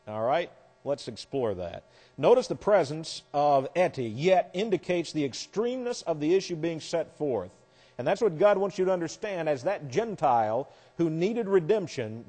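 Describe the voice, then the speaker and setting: A man's voice: on the high side, warm tone. A man teaching a Bible class lecture, explaining verses step by step with wry asides. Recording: long hall reverb.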